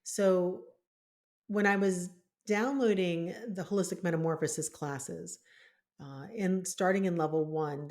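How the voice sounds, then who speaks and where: Animated woman co-host, lowish voice. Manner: animated storytelling with frequent laughs. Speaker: podcast co-host, spiritual healer. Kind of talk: casual conversational chat.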